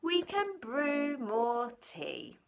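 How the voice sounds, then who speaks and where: A woman voicing a tiny, kind mouse in a read-aloud storybook, squeaking high and soothing. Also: huge pitch swings, very slow, vocal fry, background noise, full character voice.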